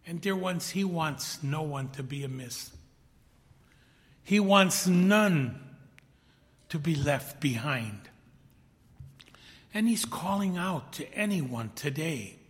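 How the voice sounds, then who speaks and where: A man delivers a slow, deliberate sermon in a somewhat high voice, reading scripture aloud. He builds to loud emphatic peaks, then drops to a near whisper. His voice rings out with a long reverb from a large hall. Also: lively intonation. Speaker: preacher.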